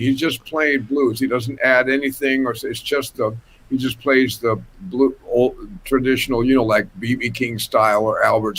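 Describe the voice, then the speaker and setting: Gravelly older man telling a story. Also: medium pitch, rough recording. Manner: animated, laughing anecdote teller. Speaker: guest musician. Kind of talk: casual storytelling on a panel. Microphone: video call from home.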